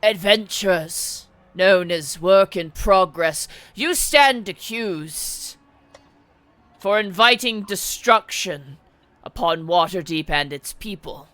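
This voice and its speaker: A man's voice: sits high, animated, slow pace, sharp tone, dry recording, full character voice. A man voicing a stern masked city lord who formally accuses the heroes in a tabletop game. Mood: accusing.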